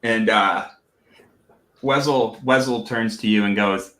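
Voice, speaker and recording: Bright-voiced man running a tabletop game. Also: fairly low pitch, reverberant. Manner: halting, full of fillers and restarts. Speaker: game master.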